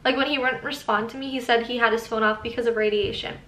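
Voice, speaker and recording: A woman's voice: fairly high pitch, fairly even intonation, fast talker, bright, forceful tone. Chatty young woman in an echoey room. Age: young adult. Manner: chatty, reads texts aloud with laughing asides. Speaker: vlogger. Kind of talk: casual storytime.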